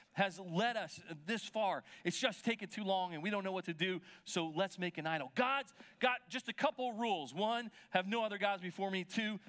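High, bright-voiced male preacher. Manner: conversational retelling, checking in with listeners. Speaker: pastor. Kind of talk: sermon.

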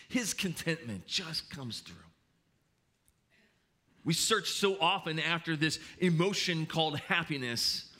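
A middle-aged male pastor preaching in a church, with a very bright, forceful voice. He speaks a little higher than most men and tells his stories in an animated way, often restarting mid-sentence. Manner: animated storytelling with hesitant restarts. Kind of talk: sermon.

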